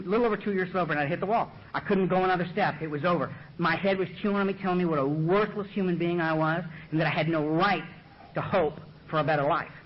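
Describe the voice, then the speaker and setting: A man speaking at a recovery meeting, telling his own story with humor, loose and animated, full of "you know" and "man", laughing at himself, on a podium mic in a dull lo-fi recording. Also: on the high side. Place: meeting room at the front.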